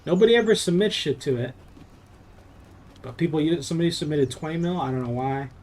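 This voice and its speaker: A man's voice: on the high side, a little fast, a little mellow, a little hiss or hum. Profane, rambling young man streaming a game. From Southern California. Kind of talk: casual live-stream chat while playing.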